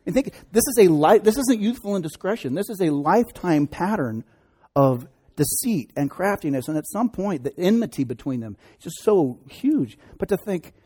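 A man's voice: high voice, animated, moderate pace, dark tone, slightly rough. A man preaching a sermon, retelling a scripture story conversationally with joking asides. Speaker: pastor.

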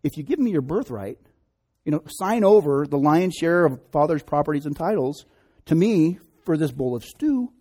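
A man's voice: fairly high pitch, sing-song, normal speed, darkish tone. A man doing a sly scheming twin brother. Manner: sly, bargaining.

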